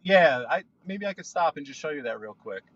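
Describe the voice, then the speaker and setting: A man's voice: fairly high pitch, fairly quick, highs cut off, slight background noise. A man hosting a live stream from his car, chatting casually and mocking other drivers. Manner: animated, mocking other drivers with bursts of mimicry. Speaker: livestream host driving. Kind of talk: casual chat while driving. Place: inside a car.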